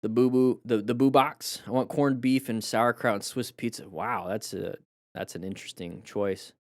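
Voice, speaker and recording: Speaking at normal speed with a medium pitch and fairly even intonation, this man rambles through commentary on motorcycle crash footage during a live stream. He keeps restarting sentences and dropping fillers, offering coaching, praise and jokes to his chat. The recording is dry and studio-clean.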